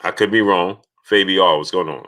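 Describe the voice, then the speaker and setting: A man with a low voice hosts a casual live stream, greeting viewers by name in a steady stream. His tone is bright and forceful. When he makes a point, he turns loud and insistent. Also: fairly quick. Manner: reads out viewer names and greets each one.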